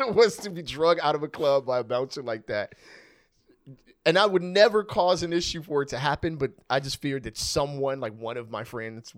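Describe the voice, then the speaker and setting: A man co-hosting a podcast in casual chat, laughing often and telling stories with lively quoted voices. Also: mid-range voice, no echo, clean studio sound. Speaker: podcast co-host.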